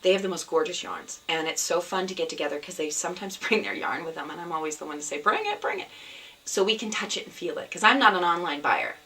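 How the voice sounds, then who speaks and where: A woman's voice: lowish voice, fast, few pauses, pushed and bright, recorded from a distance, rough recording. A woman hosting a knitting podcast, chatting casually at home with lots of ums and restarts. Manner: chatty, rambling, with many fillers and restarts. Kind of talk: casual chat to camera. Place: at home, indoors.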